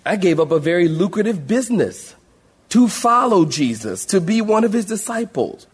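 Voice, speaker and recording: A man's voice: high-pitched, big pitch swings, normal speed, husky, voice pushed up, exaggerated voice. A man voicing the apostle Matthew as a grown man who brags and justifies himself, inside a sermon. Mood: defensive. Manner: defensive, self-justifying. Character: apostle Matthew, grown man, bragging about his sacrifice.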